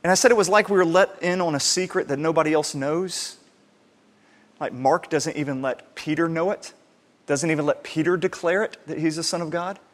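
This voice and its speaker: A man preaching a sermon in an animated way, acting out the people he quotes. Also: fairly high pitch, a little fast. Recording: reverberant hall sound.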